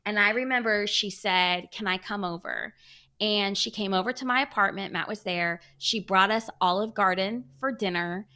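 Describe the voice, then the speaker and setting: Bright-voiced woman chatting and teasing. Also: mid-range voice, moderate pace, clean tone. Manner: teasing, animated. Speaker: podcast co-host. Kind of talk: casual chat.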